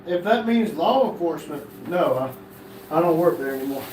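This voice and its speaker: A man's voice: fairly high pitch, lively intonation, moderate pace, a little mellow, distant mic, slight background noise. A man co-hosting a livestream, chiming in with short joking remarks. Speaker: livestream co-host. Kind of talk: casual chat. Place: indoor room. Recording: echoey room, off-mic.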